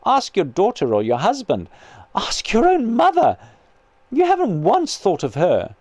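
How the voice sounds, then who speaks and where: A man reading aloud as a patient male spirit who gently and earnestly persuades his grieving sister. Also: high voice, unhurried, dry recording, voice pushed up, heavily acted. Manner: calm, kindly, earnest persuasion.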